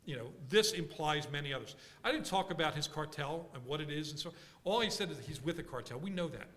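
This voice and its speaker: Man in his own workshop talk, lively and forceful, thinks out loud, long conference hall reverb. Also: on the high side, fast. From Philadelphia, USA. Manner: animated, thinking aloud with restarts. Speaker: workshop speaker.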